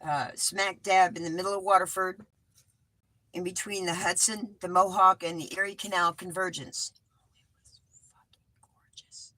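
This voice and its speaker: Bright-voiced rambling woman livestreaming from an RV. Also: fairly low pitch, little pitch movement, normal speed, no room sound, rough recording. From California. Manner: rambling, chatty, calls viewers hun. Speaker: vlogger. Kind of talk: casual livestream chat. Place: inside a small RV.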